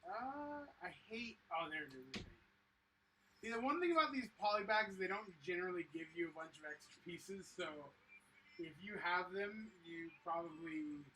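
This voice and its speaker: A livestream host chatting casually while building a set and answering viewers, excitable and enthusiastic, with lots of fillers. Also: medium pitch, moderate pace. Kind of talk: casual chat reading viewer comments. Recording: slightly distant mic with faint noise.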